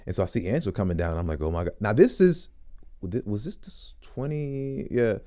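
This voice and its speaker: Animated young man, lively storyteller. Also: moderate pace. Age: young adult. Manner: animated, acts out quotes in high squeaky voices. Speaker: voice actor guest. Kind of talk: storytelling in a casual interview.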